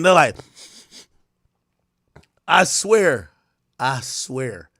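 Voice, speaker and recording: A man with a high voice whose pitch leaps around as he riffs on stream. He swears freely and bursts into loud shouts. His voice sounds dry and close, with no room around it. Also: normal speed, no room sound. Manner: animated, profane, breaks into loud shouted outbursts. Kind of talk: casual comedic stream commentary.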